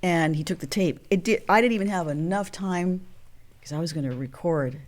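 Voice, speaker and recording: A woman in her sixties, a guest actress, telling animated stories and acting out the voices of people in them. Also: on the low side, normal speed. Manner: animated storyteller, acts out quoted voices. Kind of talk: storytelling interview.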